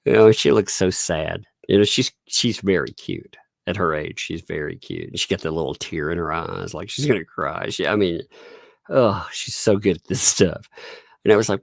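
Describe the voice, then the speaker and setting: Man, low gravelly voice, casual livestream host, chatty, laughs a lot, dry close sound. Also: very animated, moderate pace, dry recording. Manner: chatty, laughs often, retells stories with quoted voices.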